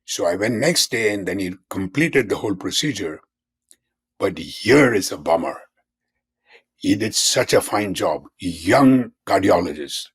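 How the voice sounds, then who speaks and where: An older man speaks as a physician guest in an interview, his voice low and husky. He explains earnestly and comes back to key terms again and again. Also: animated, a little slow. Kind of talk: conversational interview.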